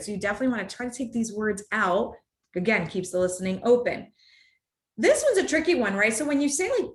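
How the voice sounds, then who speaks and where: A woman giving a live workshop to an audience in a room, talking in an animated, conversational way and addressing the audience directly. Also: mid-range voice, fast talker. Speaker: workshop speaker. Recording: roomy echo.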